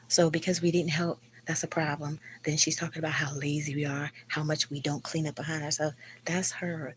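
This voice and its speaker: A woman with a low voice vents on a live stream, blunt and full of swearing. She is sick with the flu and rambles into her phone at home late at night, with a faint hum behind her. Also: level tone, a little fast. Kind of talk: casual live stream venting.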